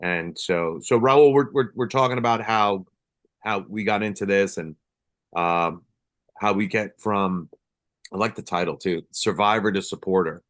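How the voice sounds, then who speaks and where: A man's voice: lowish voice, measured pace, a bit bright. A man, a police officer hosting a podcast, telling stories candidly in casual conversation and swearing now and then.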